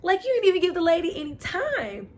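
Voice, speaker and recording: A woman's voice: very high voice, fairly quick, slight background noise. Chatty woman recapping an episode. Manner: animated, chatty, uses filler "you know". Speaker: TV reviewer.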